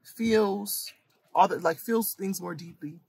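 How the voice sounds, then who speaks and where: A woman's voice: medium pitch, slow, vocal fry, a little mellow, slight background noise. A woman in her late thirties from Michigan, hosting a casual storytime, talking in a candid, earnest way that circles back and repeats itself. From Michigan, USA. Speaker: host and coach for women.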